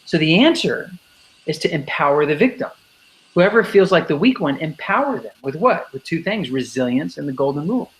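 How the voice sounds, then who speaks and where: On a low-quality recording, a brisk, fairly high-pitched male voice swings widely in pitch. He's an anti-bullying speaker and educator explaining things as an interview guest, speaking emphatically and performing the kids' lines he quotes.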